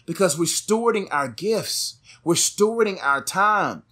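A man's voice: high-pitched, expressive, unhurried, sharp tone. Young male co-host, casual motivational talker, emphatic and preachy. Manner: emphatic, preachy, repeats phrases for stress. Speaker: podcast co-host.

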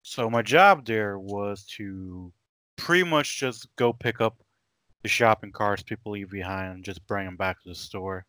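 A man's voice: on the low side, measured pace, sharp tone, no room sound. A man from Aruba, a guest on a casual podcast, talking in a laid-back, hesitant way with many fillers.

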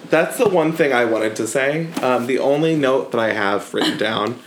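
A man co-hosting a casual book podcast, speaking at an ordinary middle pitch. He rambles along with plenty of "like" and breaks into laughter easily. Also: slight background noise. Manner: rambling, heavy use of "like", quick to laugh. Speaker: podcast co-host. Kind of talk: casual book-club chat.

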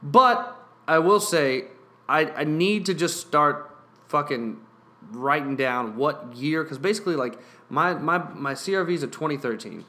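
Sweary, stammering man with a bright voice. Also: fairly high pitch, lively intonation, a little slow. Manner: swears constantly, stammers and repeats words; irritated, sarcastic retelling. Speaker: storyteller. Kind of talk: profane storytime rant.

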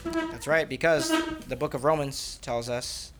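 A man's voice: medium pitch, huge pitch swings, a little slow, a bit bright. A man, a father, patiently asking his young children questions in a casual family chat at home.

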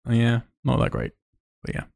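A man co-hosting a podcast in casual chat, enthusiastic and quick, swearing freely. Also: a little mellow, dry recording, clean studio sound. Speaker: podcast co-host.

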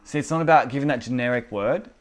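A man with a medium-pitched voice speaks fast as he leads a church teaching night. Chatting casually about faith, he tells stories with animation, acting out the characters and their words.

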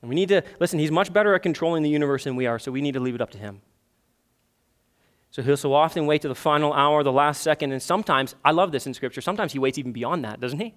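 A man in his thirties with a high voice preaches a sermon in a church. He talks with a lot of energy and acts out desperate prayers in a raised, pleading voice. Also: fast. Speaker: pastor. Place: church sanctuary.

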